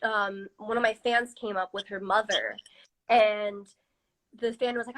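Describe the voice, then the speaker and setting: A woman's voice: mid-range voice, little pitch movement, moderate pace, pushed and bright, low-quality recording. A woman singer chatting casually in a live-stream interview on a phone, filling her talk with "like" and "you know". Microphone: phone on a live video stream.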